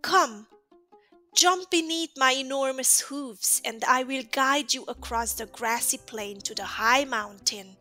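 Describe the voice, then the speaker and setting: A woman reading aloud, voicing a big, gentle bison in a storybook, speaking softly and sadly. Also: high-pitched, takes it slowly, faint music behind, heavily acted. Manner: sad, gentle.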